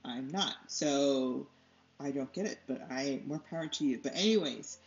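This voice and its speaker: A woman's voice: a bass voice, normal speed. Rambling, chatty young woman, slightly muffled. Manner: rambling and chatty, laughs often, loses her train of thought. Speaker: art tutorial host. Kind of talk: casual chat while painting. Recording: slightly dull lo-fi sound.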